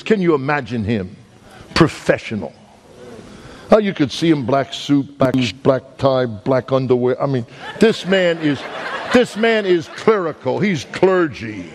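A male evangelist preaching a storytelling sermon, animated and joking with the congregation, acting out sounds and voices. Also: a little high, moderate pace, some chatter behind.

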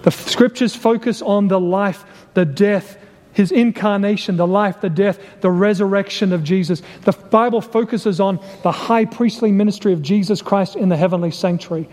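High-voiced man preaching in a reverberant hall. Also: a little mellow. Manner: deliberate, emphatic, repeats key phrases, asks rhetorical questions. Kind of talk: sermon.

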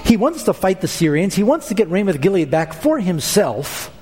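A man's voice: sits high, big pitch swings, normal speed, a little mellow, breathy edge. A man preaching a sermon as pastor, emphatic and storytelling, with asides to his listeners. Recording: long hall reverb.

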